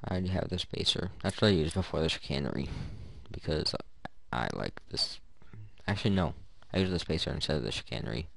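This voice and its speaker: A man's voice: extremely low pitch, very animated, quick pace, gravelly, fairly bright tone, no room sound. A man giving rambling, joking commentary to himself while opening loot in a video game. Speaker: gaming YouTuber. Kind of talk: casual gameplay commentary.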